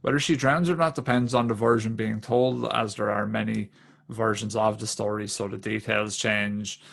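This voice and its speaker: A man from Ireland co-hosting a podcast, with a very gravelly, creaky voice. He rambles loosely through folklore, dropping swear words and laughing along the way. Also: fairly low pitch, fairly even intonation, normal speed, fairly bright tone. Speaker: podcast co-host. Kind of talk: casual podcast chat.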